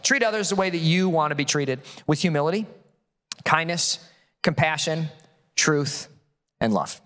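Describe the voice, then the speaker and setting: Animated middle-aged male pastor in a hall. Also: a little high. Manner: animated, jokey, quick asides. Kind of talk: sermon. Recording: long hall reverb.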